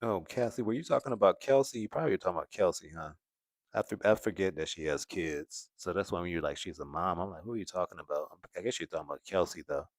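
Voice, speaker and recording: A man hosting a commentary livestream, reading viewer comments and musing in a relaxed, casual way with frequent laughs. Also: low-pitched, fast, no room sound, clean studio sound. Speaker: commentary channel host. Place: home in California.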